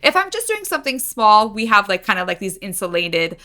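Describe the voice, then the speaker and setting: A woman's voice: medium pitch, big pitch swings, fairly quick, bright, forceful tone. A woman co-hosting a food podcast in easygoing casual chat, full of "like" fillers. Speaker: podcast co-host.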